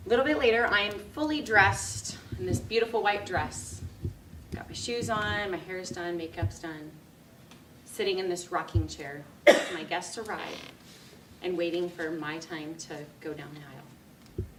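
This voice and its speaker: A woman giving a speech, telling a personal story in a lively way and laughing often. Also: lowish voice, unhurried, background noise. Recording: echoey room, mic from a distance.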